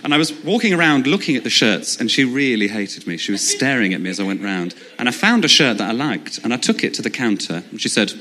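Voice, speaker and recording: Lively stand-up comic in his twenties. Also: quick pace, few pauses. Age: 20s. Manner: deadpan storytelling with sudden high-pitched outbursts. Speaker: stand-up comedian. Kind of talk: stand-up comedy set. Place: comedy club stage. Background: audience laughter.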